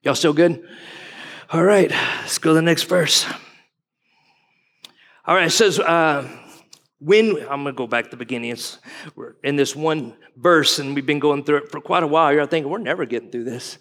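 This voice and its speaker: At a normal speed and with frequent pauses, a guest pastor in his forties preaches in a fairly high, slightly bright voice. The sermon feels folksy and conversational as he asks his congregation questions, all heard through a large hall's long reverb.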